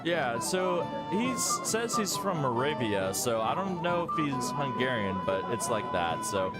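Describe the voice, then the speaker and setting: A man's voice: medium pitch, big pitch swings, unhurried, over loud music. A man live-streaming a game, talking in a rambling, chatty way with many fillers. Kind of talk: casual live-stream commentary.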